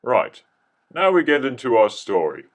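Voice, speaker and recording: A man's voice: mid-range voice, big pitch swings, normal speed. A man telling a comic mock-documentary story, rambling, jokey and full of restarts.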